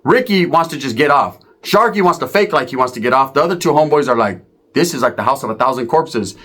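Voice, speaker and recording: A man's voice: mid-range voice, quick pace. A man telling a profane street story, acting out the other people's voices. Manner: animated, profane, acts out voices.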